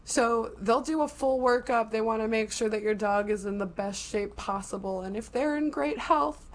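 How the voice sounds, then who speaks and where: A woman's voice: a little high, normal speed. A woman co-hosting a podcast in casual chat, explaining things in detail with lots of "like" fillers.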